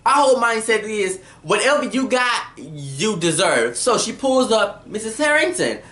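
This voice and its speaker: A woman chats through a TV episode recap, her pitch swinging up and down as she acts out each scene. She talks in a middle register. The room is bare and echoey. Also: measured pace. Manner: animated, talkative, acts out the scenes. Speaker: TV recap vlogger.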